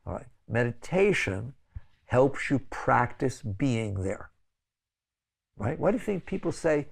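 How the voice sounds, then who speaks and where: Gravelly older man teaching with lively pitch. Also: measured pace. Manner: conversational, pleading, frequent "right?" asides; sudden high exclaiming bursts when acting out others. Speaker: spiritual teacher. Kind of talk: spiritual lecture.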